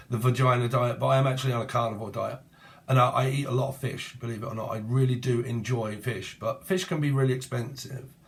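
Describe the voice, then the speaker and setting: A man reading tarot in a loose, stream-of-consciousness ramble. He hops from one word play and name to the next. His talk is casual and sprinkled with slang and swearing. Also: medium pitch. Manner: free-associating, jumps between word plays and names, often laughs. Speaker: tarot reader.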